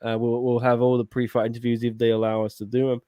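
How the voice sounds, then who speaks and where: A man hosting a casual live stream chat, laid-back and quick to laugh. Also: mid-range voice, completely flat delivery, warm tone, no echo, clean studio sound. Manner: laid-back, laughs often, loose sign-off. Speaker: host.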